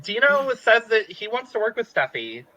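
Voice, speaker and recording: A man's voice: high-pitched, sing-song, moderate pace, pushed and bright, highs cut off. A man co-hosting a podcast, recapping a reality show in a playful, jokey casual chat. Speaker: podcast co-host.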